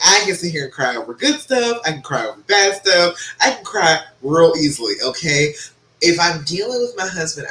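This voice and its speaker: A bright-voiced woman coaches listeners live in a chatty, encouraging way, often pausing to check in with them. Her voice rings a little in an echoey room. A faint hum of ambience sits behind her. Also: low voice. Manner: chatty, encouraging, frequent "okay?" check-ins. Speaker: relationship coach. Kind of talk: live-stream advice and reading viewer comments.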